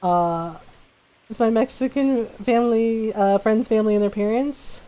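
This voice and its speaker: A woman's voice: a little high, a little slow, dark tone, rough recording. A middle-aged woman game streamer, telling family stories in casual chat and laughing often. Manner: chatty storyteller who laughs often.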